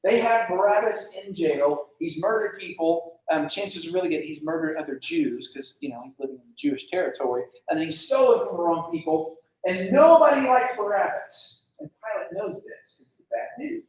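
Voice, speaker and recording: A man teaching a casual Bible lesson to students, animated, asking the class questions and acting out quotes. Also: high-pitched, normal speed, few pauses. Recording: echoey room, mic far off.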